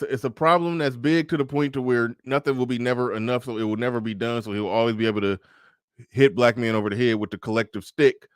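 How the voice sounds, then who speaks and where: A man's voice: medium pitch, clean tone, no echo, studio quality. Emphatic man hosting a livestream. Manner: emphatic, repeats phrases and stammers on restarts. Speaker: livestream host reading super chats. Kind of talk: casual livestream commentary.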